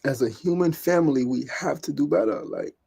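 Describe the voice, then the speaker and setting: A man's voice: fairly high pitch, a little fast, gravelly, dark tone, husky. A man hosting a podcast, giving an impassioned solo monologue, swearing and repeating phrases. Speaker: podcast host.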